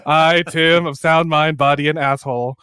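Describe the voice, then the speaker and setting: A man's voice: on the high side, fairly even intonation, moderate pace, bright, forceful tone, clear, resonant tone, no echo, studio quality. Campy, raunchy young male podcast host.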